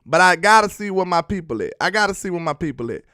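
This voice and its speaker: A man's voice: sits high, animated, fast talker, pushed and bright, no room sound, clean studio sound. A man casually breaking down football film on a live stream, chatty and laughing as he teases his viewers. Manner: chatty, laughing, teasing the chat. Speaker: sports film-study streamer.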